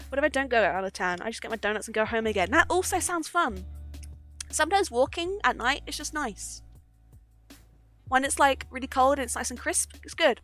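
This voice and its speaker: A woman's voice: sits high, a bit bright. A young woman streaming live, chatting casually and giggling often between sweary asides. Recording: faint background music.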